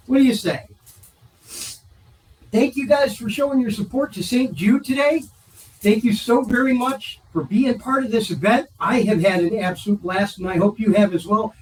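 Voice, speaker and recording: A man's voice: high-pitched, far from the mic, low-quality recording. A man hosting a charity live stream, chatting while he bakes and gushing with enthusiasm.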